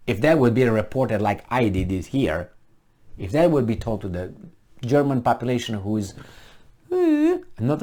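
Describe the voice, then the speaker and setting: A man's voice: fairly low pitch, a little mellow. A man giving ranting commentary on a news article, sarcastic, mocking and exasperated. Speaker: political commentator.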